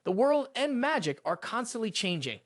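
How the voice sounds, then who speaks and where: Guy narrating a story recap, pretty high voice, bouncy delivery, dry close mic. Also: very animated, normal speed, no room sound. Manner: reads every character's lines in the same narrating voice.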